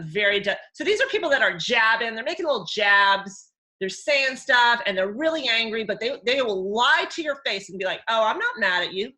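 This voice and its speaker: A middle-aged woman hosting a live workshop as a counselor, chatty and animated, breaking into high mimicking voices. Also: poor audio.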